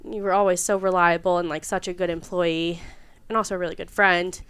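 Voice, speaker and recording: Bright, laughing woman telling stories. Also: lowish voice, a little fast, smooth. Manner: animated storyteller, laughs often, acts out quotes. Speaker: guest. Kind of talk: casual chat.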